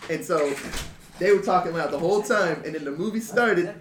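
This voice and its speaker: A man with a fairly high voice tells stories in a laid-back, easy way among friends, laughing along as he goes. The sound is roomy, with an echo and faint noise behind him. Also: brisk. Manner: laid-back anecdotal telling, laughs often. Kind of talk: casual group chat. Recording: roomy echo with noisy ambience.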